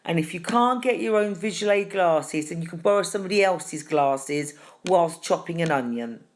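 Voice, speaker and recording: A middle-aged woman hosting a deadpan comic tutorial, chatty and fussy, calling viewers darling. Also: lowish voice, moderate pace. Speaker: host.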